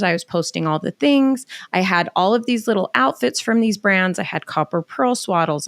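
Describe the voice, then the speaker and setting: Brief: middle-aged woman, podcast guest, candid and animated, dry close sound. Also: mid-range voice, no echo. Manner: animated, emotional, quick asides with reenacted dialogue. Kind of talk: candid personal storytelling.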